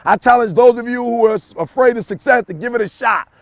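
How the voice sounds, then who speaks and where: A man giving an emphatic, repetitive motivational talk straight to the listener, breaking into shouts and folksy asides. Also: extremely high pitch, fast talker, dry recording. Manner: folksy, addresses listener directly. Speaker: motivational speaker.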